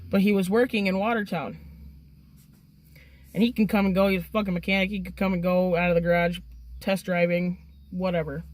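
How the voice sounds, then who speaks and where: A woman telling a story in a casual, excitable way, swearing freely. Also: lowish voice, brisk, pauses often. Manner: profane and excitable.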